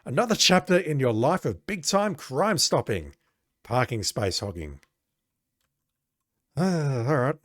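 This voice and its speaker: A man's voice: mid-range voice, big pitch swings, a little slow, pauses often, no room sound, clean studio sound. A man casually playing an old adventure game, reading its text aloud and making wry, sarcastic asides. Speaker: let's play gamer.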